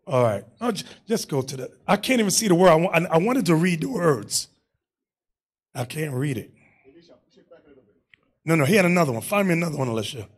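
A man's voice: a little high, lively intonation, fairly quick, long pauses, breathy edge. A man teaching a Bible class in an emphatic preaching manner, calling on readers and staff between points.

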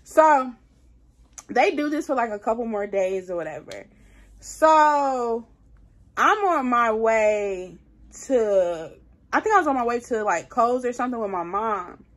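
A woman vlogger tells a storytime in a loose, slangy voice that sits a little high. She talks straight to her viewers in a casual, chatty way. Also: expressive, measured pace.

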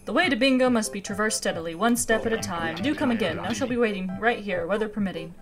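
A woman's voice: medium pitch, fast, over music, natural voice. A woman reading aloud the formal lines of a little snowman from a game. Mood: solemn.

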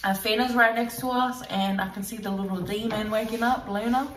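A woman with an Australian accent hosting a casual vlog, chatting with lots of ums and likes and quick giggles. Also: fairly high pitch, steady tone, a bit bright. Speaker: vlogger host. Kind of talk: casual chat. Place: at home with kids. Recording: roomy, distant mic, faint noise.

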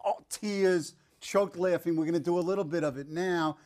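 A man's voice: a little high, normal speed, darkish tone. A man hosting a public affairs TV interview, enthusiastic and joking, sometimes tripping over names. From New York. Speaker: TV talk show host.

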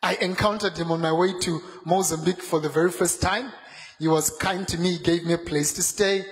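A man's voice: high-pitched, fairly even intonation, a little fast. Fervent preaching man in echoey hall. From Zimbabwe. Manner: fervent preaching, rising into shouts and sung phrases. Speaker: pastor. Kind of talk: sermon.

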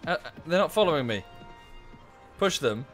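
A young man narrates his gameplay in a high, bright, lively voice, swinging from muttering to outraged yelling and cursing. Faint game music plays underneath. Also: normal speed. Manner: exasperated, swears a lot, shouts at the game. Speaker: gameplay streamer. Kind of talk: casual gameplay commentary.

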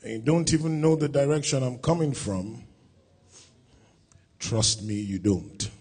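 A pastor preaching a sermon at a church service, speaking deliberately and rising to loud, emphatic scripture reading. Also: male voice, medium pitch, slightly rough.

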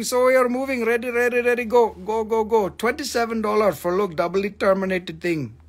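High-voiced, swearing man hosting a rock sale. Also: normal speed, few pauses. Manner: profane, rambling, joking. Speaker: host of a live mineral sale. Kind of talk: casual live-stream selling chat.

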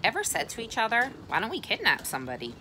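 A woman's voice: on the high side, fast, a little hiss or hum. A woman reading a novel aloud in a casual way, correcting her slips as she goes. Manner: casual, self-correcting, with lively voices for dialogue. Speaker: reader. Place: outdoors, cold and windy.

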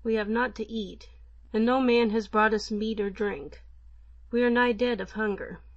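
A woman's voice: on the high side, steady tone, moderate pace, muffled recording, close to an everyday voice. A woman voicing a hungry young boy prince who begs in a raised, pleading voice. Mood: weak.

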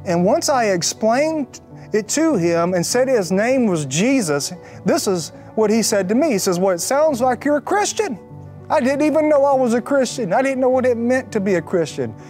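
A man telling his personal faith testimony as a lively story, with joking, sarcastic asides and acted-out quotes. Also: very high voice, normal speed, soft background music.

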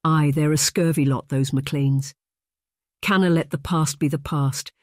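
A narrator voicing a drunken, bitter Scottish laird, gruff and scornful, with a Scottish accent. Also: mid-range voice, fairly even intonation, measured pace, no echo, studio quality, lightly acted. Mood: angry.

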